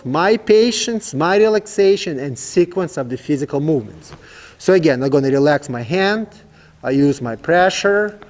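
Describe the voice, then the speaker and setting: Calm man coaching a horse, reverberant. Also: fairly high pitch. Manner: calm, coaxing commands to a horse, in simple non-native English. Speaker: horse trainer. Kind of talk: instructional demonstration.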